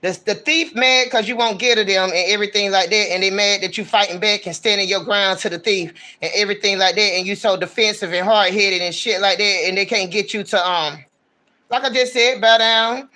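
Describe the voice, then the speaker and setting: A man's voice: high voice, steady tone, brisk, sharp tone. A man giving a casual livestream tarot reading, talking in a blunt, slangy, ranting way. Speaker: tarot reader.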